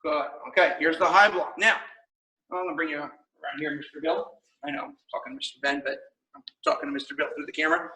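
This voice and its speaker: A man teaching a martial arts class, calling out commands with energetic shouts and laughter. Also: on the high side, fast. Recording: echoey room, mic far off.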